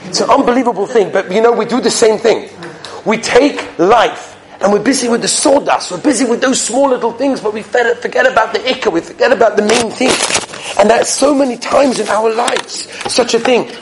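Man, Torah lecture, high voice, lively storyteller, acts out dialogue, loud then soft. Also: brisk, slight background noise, poor audio. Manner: swings between loud exclamations and soft asides. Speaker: Torah teacher.

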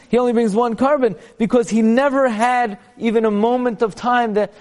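A man's voice: high voice, a little mellow. A man teaching a Talmud class. He chants passages aloud and then explains them in plain English.

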